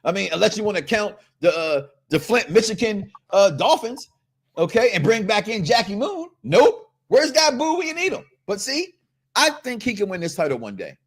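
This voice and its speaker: Animated joking Midwestern man host. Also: high voice, moderate pace, husky. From Chicago, US Midwest. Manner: animated, joking, keeps checking in with "okay?". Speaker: podcast host. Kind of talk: casual wrestling talk show chat.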